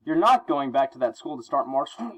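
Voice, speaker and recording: A man's voice: medium pitch, big pitch swings, a little fast. A man reading aloud as a wisecracking masked teen superhero, jokey and frantic. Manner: jokey, frantic, self-mocking.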